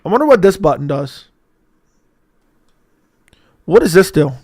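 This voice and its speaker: Young man, livestream host, close studio mic, joking, crude, a bit high-voiced. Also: sing-song, a little slow, slightly rough. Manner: joking, crude, loud bursts, reads chat aloud. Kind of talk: casual livestream chat. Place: home room. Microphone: close studio mic with audio interface.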